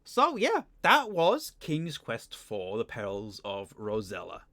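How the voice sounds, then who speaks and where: Lively, bright-voiced male game streamer. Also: medium pitch, slow, dry recording. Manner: chatty, giggly, stumbling with fillers. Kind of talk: casual live-stream commentary.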